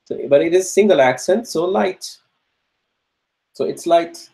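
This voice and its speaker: Guy teaching a grammar class, slow and patient, says everything twice, keeps asking okay? right?, voice a bit on the higher side. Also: vocal fry, dark tone, rough recording. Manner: slow and repetitive, restates each answer. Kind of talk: classroom lecture, working through exercises.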